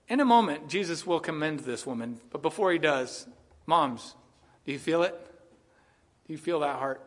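A man's voice: medium pitch, a bit bright. A man preaching an expository sermon, earnest and full of questions for his listeners. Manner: earnest, asks the audience rhetorical questions. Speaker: pastor.

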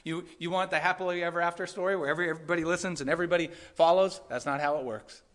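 A man's voice: fairly high pitch, steady tone, racing, fairly bright tone. A male pastor preaching a conversational, emphatic sermon to his congregation, repeating his points and adding casual asides. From California.

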